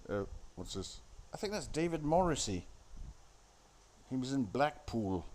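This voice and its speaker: A man talking casually over a film at a middle pitch, crude and sardonic in his asides. He rambles from scene to scene with swearing and dry mockery. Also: very animated, a little slow, darkish tone. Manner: sardonic, crude, profane, off-the-cuff. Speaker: host commenting on a film.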